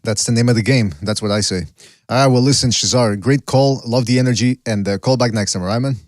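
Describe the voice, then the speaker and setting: A man's voice: medium pitch, quick pace, no echo, clean studio sound. Male podcast host taking calls. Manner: teasing, laughs often. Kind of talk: call-in show hosting.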